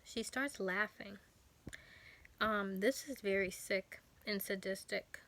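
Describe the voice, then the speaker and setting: A woman speaks straight to her viewers in a bright voice. Her delivery is earnest and halting, full of pauses and fillers as she tells her own story. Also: medium pitch. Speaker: vlogger. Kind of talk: personal testimony vlog.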